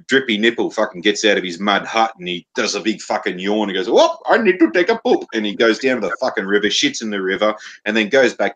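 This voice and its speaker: Deep Scottish male co-host, profane rambling raconteur. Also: fairly bright tone. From Scotland. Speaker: podcast co-host. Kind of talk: casual banter.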